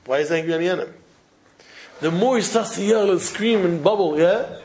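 In his Torah talk, a rabbi recounts a parable, repeating phrases for emphasis and drawing on Hebrew and Yiddish vocabulary. His voice is high and a little mellow at a normal pace, captured in a rough recording.

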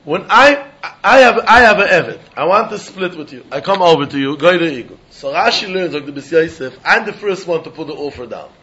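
Animated Talmud teacher with lilt. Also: male voice, fairly high pitch, a little fast, hardly any pauses, lo-fi sound. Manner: sing-song study-hall explaining, acting out both sides of a deal. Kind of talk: animated Talmud class lecture.

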